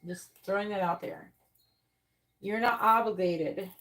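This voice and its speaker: A woman's voice: mid-range voice, a little slow, noisy background. A woman hosting a live tarot stream, talking bluntly and profanely in a casual, exasperated way. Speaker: tarot reader hosting a livestream. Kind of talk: casual livestream talk. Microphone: earbuds.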